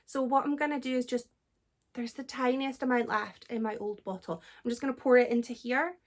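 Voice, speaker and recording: A young Scottish woman chatting casually in a book vlog, self-deprecating and quick to laugh. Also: fairly high pitch, fairly even intonation. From Scotland. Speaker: book vlogger.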